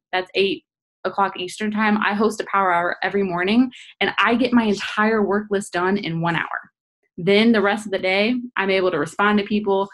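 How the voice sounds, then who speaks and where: A woman's voice: mid-range voice, fairly bright tone. A young woman leading a group call, giving casual, earnest coaching tips and often repeating herself for emphasis. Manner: earnest, repetitive, addresses listeners as "you guys". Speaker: team leader hosting a business call.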